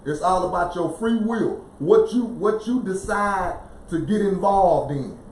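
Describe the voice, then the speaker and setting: A man in his forties, a podcast co-host in a casual spiritual discussion, animated and forever asking "you see?". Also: sits high, unhurried, reverberant, slight background noise, low-quality recording. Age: 40s.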